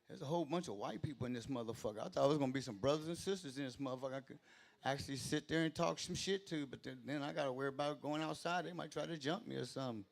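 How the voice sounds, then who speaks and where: A man's voice: medium pitch, racing, creaky. A man doing rambling, profane stand-up at an open mic in a small club, speaking into a stage mic and interrupting himself as he goes. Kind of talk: stand-up comedy.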